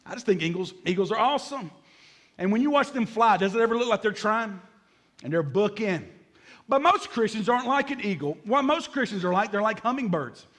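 A male pastor delivering a sermon in an animated, dramatic way, acting out asides. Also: high voice, fairly quick.

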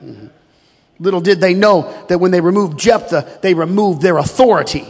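A man preaching a sermon, with rhythmic, emphatic delivery that builds to shouts. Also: high voice, moderate pace, husky. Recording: long reverb of a large hall.

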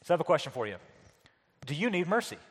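Male pastor mid-sermon, earnest and questioning, a bit high-pitched, heard in a long-echo hall. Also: very animated, fast, breathy edge. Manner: earnest preaching with repeated words and questions to the congregation.

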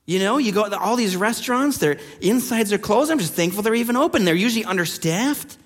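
A male pastor preaching a sermon in a relaxed, conversational way, telling stories with many fillers. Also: high-pitched, fairly quick, long reverb tail.

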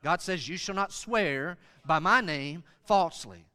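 A middle-aged man from Western North Carolina, preaching an animated sermon as pastor. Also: a little high, measured pace, clear, resonant tone, long reverb tail. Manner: animated preaching, acts out kids' voices.

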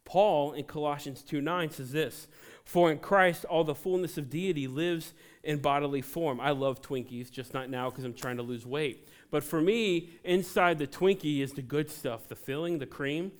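A man preaching a sermon, his voice sitting a little high. He moves between scripture and playful asides to the congregation, keeping it animated. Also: normal speed. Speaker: pastor.

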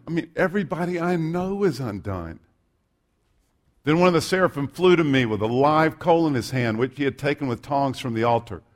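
Male pastor, mid-range voice, sermon reading with humorous asides. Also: mid-range voice. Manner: humorous, self-deprecating asides.

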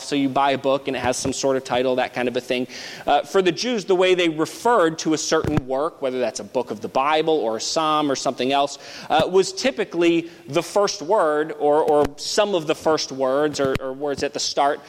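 A man's voice: mid-range voice, in a large hall, background noise. A man preaching an expository sermon, explaining step by step in a thoughtful way, with frequent restarts.

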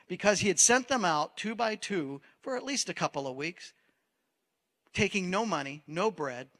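A man's voice: high voice, animated, moderate pace, sharp tone, in a large hall. A man preaching a sermon in a conversational style, asking the listeners questions. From Maine. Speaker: pastor.

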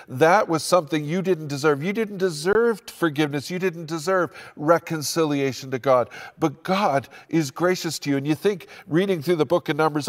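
A man's voice: fairly high pitch, normal speed, hardly any pauses. An older man preaching an earnest sermon as pastor, building his emphasis as he speaks. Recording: long hall reverb.

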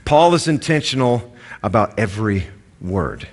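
A man's voice: fairly low pitch, sing-song, measured pace. A man with a Southern American accent preaching a sermon in a conversational way, with asides and stories. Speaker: pastor.

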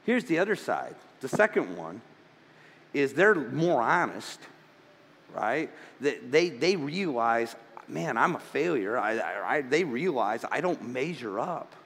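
A man's voice: medium pitch, big pitch swings, takes it slowly, vocal fry, a bit bright, breathy edge, big-room sound. A man preaching a sermon as pastor, stammering into restarts and building to fervent emphasis.

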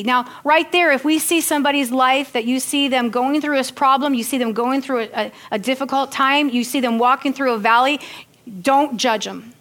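A woman with a high, bright voice delivers a sermon, reading scripture with earnest feeling. She drops into chatty, joking asides to her listeners between passages. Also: normal speed. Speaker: preacher.

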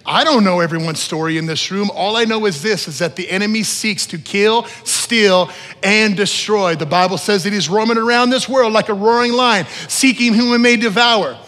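A man preaching a sermon as pastor to a congregation, repeating key phrases and building to loud emphatic peaks. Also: high voice, normal speed. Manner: repeats phrases for emphasis, asks the room to respond. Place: church hall with long reverb. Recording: echoey church hall.

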